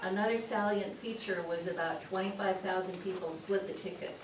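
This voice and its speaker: A woman's voice: medium pitch, fairly even intonation. A woman running for office gives a confident campaign closing statement and calls herself a policy wonk. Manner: confident, brisk and data-minded. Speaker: political candidate. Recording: echoey hall, distant mic, noisy.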